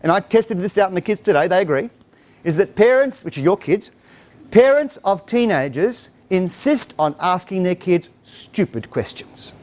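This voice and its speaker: Here the parenting speaker's high voice moves at a normal speed. He's a middle-aged man delivering a humorous talk to parents, animatedly telling stories and acting out lines of dialogue.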